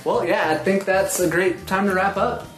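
A man's voice: sits high, steady tone, moderate pace, fairly bright tone, faint music behind. A man hosting a podcast, chatty and asking questions, laughing easily. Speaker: podcast host. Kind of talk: casual interview. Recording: roomy echo.

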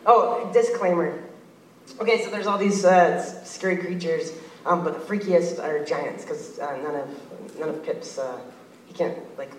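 A man nervously pitching a story to an audience, laughing as he acts out the scenes. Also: normal speed. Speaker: storyboard artist pitching a board. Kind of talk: casual pitch to a live audience. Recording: echoey room, far from mic, loud noise.

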